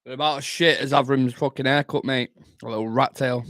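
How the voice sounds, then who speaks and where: A man's voice: mid-range voice, steady tone, a little fast, fairly bright tone. A young man from Manchester, hosting a casual football watchalong livestream, swearing and bantering with his chat close to the mic. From Manchester, England. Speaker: fan channel livestream host. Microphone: close mic, eating into it.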